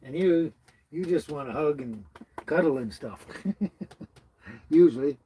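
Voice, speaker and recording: A man's voice: on the high side, lively intonation, slow pace, warm tone, slight background noise, poor audio. Chatty man greeting live viewers. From British Columbia, Canada. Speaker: livestream host. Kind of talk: casual live-stream chat. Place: tiny house with dogs nearby.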